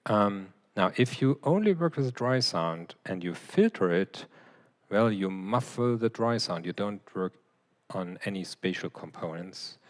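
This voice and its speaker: A man with a fairly low voice answers a question during a lecture. He explains patiently and directly to the audience, speaking into a mic in a large hall. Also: expressive, unhurried. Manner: explanatory, demonstrating with his voice. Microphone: handheld or clip mic, briefly removed.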